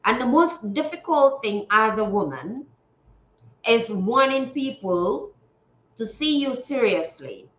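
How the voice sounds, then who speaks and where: Woman from gambia, higher voice, livestream host, preachy, repeats herself for emphasis. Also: big pitch swings, slow, fairly bright tone. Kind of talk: casual livestream talk. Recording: roomy, dull lo-fi sound.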